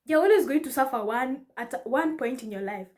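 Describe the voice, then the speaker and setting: A young woman giving casual life advice to her viewers, animated and laughing often, mixing in Swahili slang. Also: high-pitched, fairly quick. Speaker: vlogger. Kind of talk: casual advice talk to camera.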